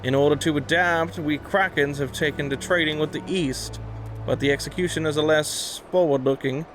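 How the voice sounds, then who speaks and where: Guy reading as a shrewd pirate captain, measured and formal, pretty light voice. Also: fairly high pitch, steady tone, fairly bright tone, soft background music, lightly acted. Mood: wry. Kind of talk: reading game dialogue aloud.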